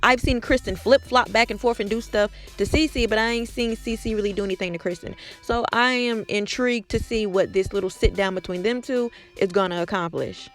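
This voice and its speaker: A woman's voice: mid-range voice, a little fast, hardly any pauses, soft background music. Chatty woman recapping TV gossip. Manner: chatty, gossipy, sassy asides. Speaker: recap podcast host. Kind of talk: casual TV episode recap.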